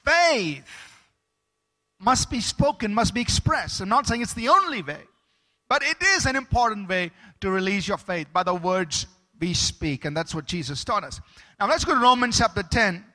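A man's voice: high voice, lively intonation, normal speed, bright, forceful tone. A man preaching a sermon as pastor, emphatic, stopping to ask the congregation for amens.

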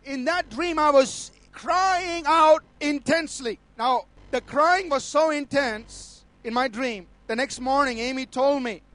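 A man's voice: very high voice, measured pace, few pauses, a bit bright, no room sound. A middle-aged man, a pastor preaching a sermon emphatically and calling out to his audience.

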